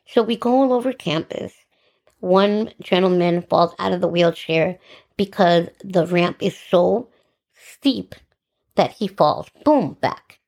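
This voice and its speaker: A middle-aged woman hosting a podcast, telling her own story in an animated, sarcastic way and acting out the dialogue. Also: mid-range voice, creaky. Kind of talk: personal storytelling monologue.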